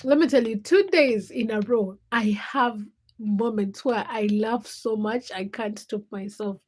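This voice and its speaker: Young woman from Uganda, livestream host, chatty storyteller, slightly high voice. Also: a little slow, a little mellow, husky. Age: young adult. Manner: chatty storytelling with bursts of laughter. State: sleepy. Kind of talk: casual livestream chat.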